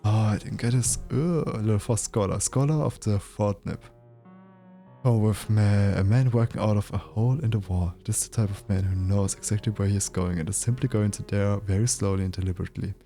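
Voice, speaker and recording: Male streamer, dark mellow voice, narrates game text aloud with casual asides. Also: lowish voice, brisk, faint music behind. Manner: reads text aloud, breaks off to joke and ask.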